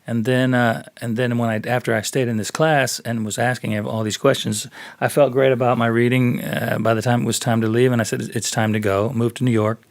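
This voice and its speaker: A man in a podcast interview tells stories with lots of animation, slipping into other people's voices and laughing between lines. He is a working bassist sharing his road experience. The sound is dry and close, with a middle-pitched voice. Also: flat delivery, fairly quick, no room sound. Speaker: bassist guest. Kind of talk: storytelling interview.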